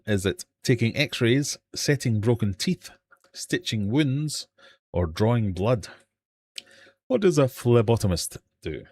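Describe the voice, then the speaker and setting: A man's voice: mid-range voice, lively intonation, slow, a little mellow. A man hosting a live online quiz from his home fish room, reading out questions and poking fun at himself. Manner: jokey, self-mocking quizmaster. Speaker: livestream quiz host.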